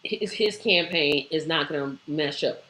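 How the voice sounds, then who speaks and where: Woman host for a live stream, emphatic and exclamatory, bright tense voice, echoey room. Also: sits low, a little slow. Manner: emphatic and exclamatory, with rhetorical questions. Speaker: host of a live online show. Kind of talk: live-stream commentary, reading viewer comments.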